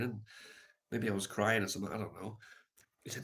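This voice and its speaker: A man live streaming, telling a reflective story in a soft, halting way with many pauses. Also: on the low side, steady tone, vocal fry.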